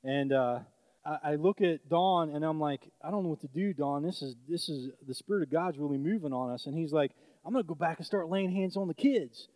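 A preacher with a high, darkish-toned voice tells a story from the pulpit a little fast, loosely and conversationally, with lots of fillers and restarts. The sermon recording is dry and close, with no room sound.

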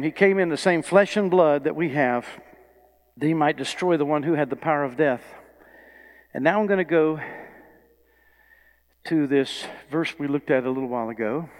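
A man preaching a sermon, reading scripture quietly and then building to loud, fervent passages. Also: on the high side, a little fast, long reverb tail.

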